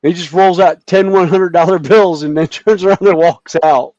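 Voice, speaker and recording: A man with a slightly high voice spins a long, casual anecdote for friends on a video call, full of fillers and restarts. The audio is dull and dry, like a call microphone. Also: steady tone, normal speed, a little mellow, no echo. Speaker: hobby group member. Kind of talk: casual storytelling on a group call.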